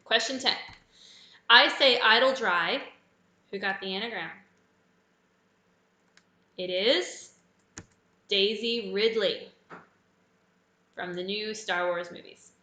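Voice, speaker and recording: A woman hosting a live trivia quiz, with a bright, crisp voice. She walks through each answer in a relaxed, chatty way and drops in little personal asides. Her voice rings in a roomy, echoey space. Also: mid-range voice, slow pace, pauses often. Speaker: quiz host. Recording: echoey room.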